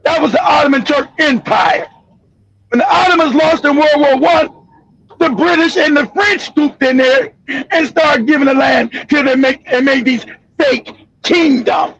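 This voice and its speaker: A man hosting a political commentary show, ranting angrily with profanity and bursts of shouting. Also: very high-pitched, measured pace, no room sound. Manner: angry, profane, shouting tirades. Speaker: host. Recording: dull lo-fi audio.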